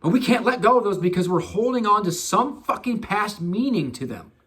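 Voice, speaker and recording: A man's voice: high voice, animated, fairly quick, a bit bright. A middle-aged man giving a casual spiritual self-help talk, swearing freely and slipping into mocking voices.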